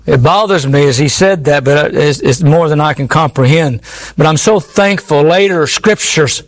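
A man's voice: a little high, moderate pace. A man preaching a sermon in an earnest, pleading way, often repeating his words.

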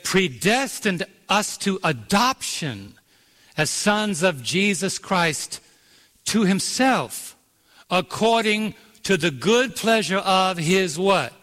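Man, preacher, sermon, forceful bright tone, dramatic pauses and stretched words, long hall reverb. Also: high-pitched, animated. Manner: storytelling preacher, dramatic slow-downs and rising emphasis. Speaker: pastor.

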